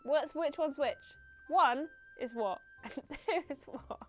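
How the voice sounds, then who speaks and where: A woman's voice: high voice, takes it slowly, fairly bright tone. A young woman streaming a video game, chatting playfully with viewers and laughing at herself.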